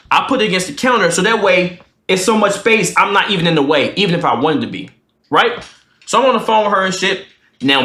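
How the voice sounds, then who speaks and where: A man's voice: high voice, bright, forceful tone, reverberant. A man in his twenties, a streamer telling a profane storytime to his live chat and acting out both sides of an argument. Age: 20s.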